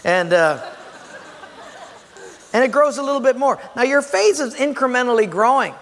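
A pastor with a high, bright tone preaches to his congregation. He is animated and jokey, slipping into quick impressions and whoops. His voice rings with the long reverb of a large church hall. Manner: animated, acts out little voices and exclamations. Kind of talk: sermon. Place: church sanctuary.

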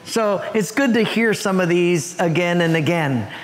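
Pastor guy preaching, high voice, jokes and acts out stories, echoey church hall. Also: a little slow. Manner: animated storytelling with acted voices and humor. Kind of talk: sermon. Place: church sanctuary.

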